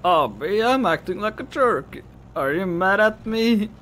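A man's voice: high voice, lively intonation, a bit bright, a little hiss or hum, voice pushed up. A man voicing a drunk, clingy young female cat, slurring and dragging out his words. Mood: sloppy, apologetic. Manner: slurred, drawn-out, whiny.

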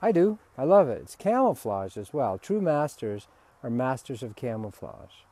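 A man, a spiritual teacher, giving a relaxed, candid talk and swearing freely. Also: mid-range voice, moderate pace, no room sound.

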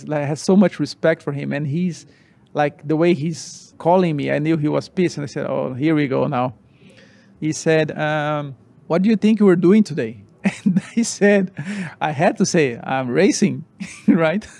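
A man in his forties recounts a race in animated but halting English, full of restarts. His voice sits a bit higher than most men's. He is a guest telling stories in an interview. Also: gravelly. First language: Portuguese. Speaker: former racing driver, guest. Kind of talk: interview storytelling.

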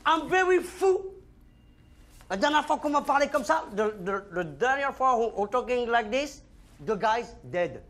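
A boastful French convict. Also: male voice, extremely high pitch, animated, normal speed, fairly bright tone. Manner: broken English mixed with French, stammering. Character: boastful French inmate, jittery and comically tough. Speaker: actor in film scene. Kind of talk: film comedy acting.

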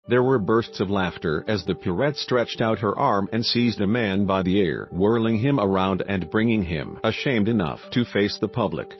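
Low synthetic male narrator. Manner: even machine-like reading, spells out abbreviations. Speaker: audiobook narrator. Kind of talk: scripted narration. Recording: muffled recording with faint music.

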